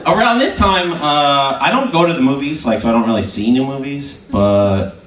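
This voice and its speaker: A male comedian on a stand-up panel, speaking hesitantly with many pauses. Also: medium pitch, expressive, distant mic, heavy background noise. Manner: hesitant, halting. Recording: roomy live club from afar. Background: laughing crowd.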